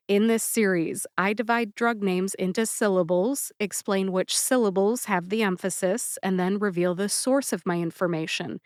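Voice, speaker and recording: A woman hosting a pharmacist's podcast, speaking deliberately and spelling out syllables in a scripted educational style. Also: mid-range voice, clear, resonant tone, no echo, clean studio sound. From United States.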